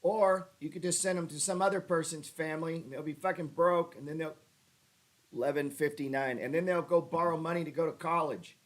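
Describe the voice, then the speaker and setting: A man hosting a casual trading livestream, talking over charts with sarcastic, profane asides and mocking jabs at his viewers. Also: brisk. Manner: animated pitch jumps when ribbing viewers. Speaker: stock trading livestream host.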